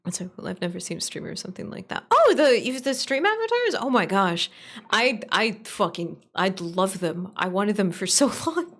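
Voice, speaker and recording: A woman streaming live and chatting casually with her audience. Her voice sits at an ordinary middle pitch. She rambles and jumps between thoughts, laughs often and drops casual swears. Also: very animated, normal speed, fairly bright tone.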